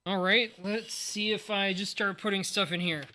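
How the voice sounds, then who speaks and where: A man's voice: high voice, fairly even intonation, normal speed, bright, forceful tone, a little hiss or hum. A man in his forties with a sleepy morning voice, chatting casually and rambling aloud on a livestream while unboxing cards. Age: 40s. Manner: rambling, thinks aloud, jokes at himself. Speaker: streamer.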